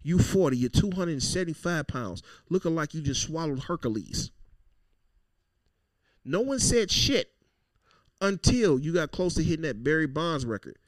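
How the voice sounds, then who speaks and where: Loud, profane man, slightly high voice. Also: big pitch swings, moderate pace, pauses often, no echo. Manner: loud, profane, storytelling with acted-out quotes. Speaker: podcast co-host. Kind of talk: casual podcast banter.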